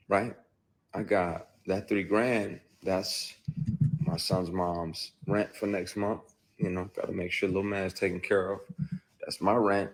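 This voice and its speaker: Man, very low voice, husky, blunt, profane, emotional first-person storytelling. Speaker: actor telling his story.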